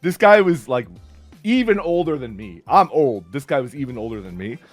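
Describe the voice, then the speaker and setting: Animated and mid-range, a middle-aged man streams at a moderate pace, casually swapping camping and cycling stories. His sentences are loose, often restart, and are packed with "like," with faint music playing under his voice.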